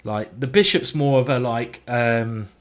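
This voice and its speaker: A man's voice: mid-range voice, measured pace. A man streaming a chess game, chatting and thinking aloud as he plays, with mild swearing. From England. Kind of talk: live game commentary.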